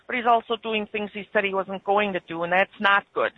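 A woman's voice: mid-range voice, fairly quick, a little hiss or hum. A woman from Wisconsin with an Upper Midwest accent, calling in to a radio show and chatting in a rambling way with restarts. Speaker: caller. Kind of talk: casual call-in chat. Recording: muffled phone-in line.

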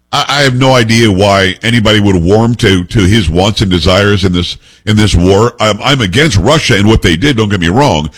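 Man, talk radio host, husky voice, blunt opinionated commentary, reads news aloud. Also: lowish voice, a bit bright.

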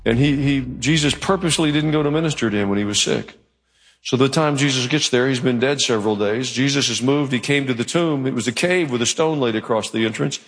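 A male pastor preaching a sermon in a church, telling the story with animated delivery. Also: mid-range voice, brisk. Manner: animated storytelling, acting out quoted voices. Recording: long hall reverb.

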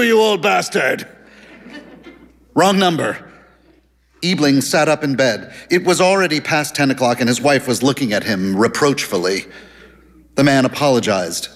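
Man narrating a story with hall reverb. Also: mid-range voice.

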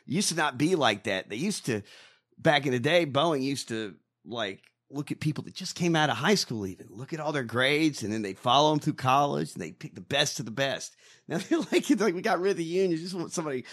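A man co-hosting a casual podcast, ranting and swearing in animated bursts. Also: mid-range voice, normal speed. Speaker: co-host.

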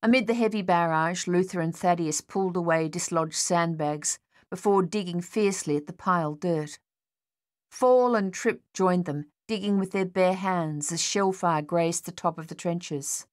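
Reading a scripted audiobook, a woman keeps her storytelling steady and measured, her voice on the lower side.

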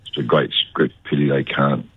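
An older Australian man, an actor, telling stories in a relaxed, chatty radio interview over a muffled line. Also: rumbling low, normal speed, husky, dry recording. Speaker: actor guest.

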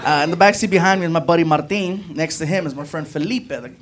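A male stand-up comedian telling a story on a club stage, animated and fond of asking "right?". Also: fairly high pitch, fast. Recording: live club recording with audience noise.

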